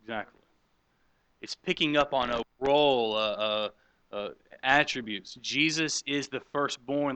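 A middle-aged man with a bright, forceful voice teaches a Bible class in a conversational sermon. He puts questions to the listeners and picks up on their answers. The sound is close and dry, with little room echo. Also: medium pitch, smooth. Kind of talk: interactive sermon with audience questions.

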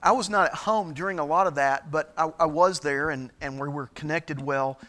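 A middle-aged man as a pastor, giving a sermon-style teaching talk, halting with frequent fillers and restarts. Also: on the high side, bright, forceful tone.

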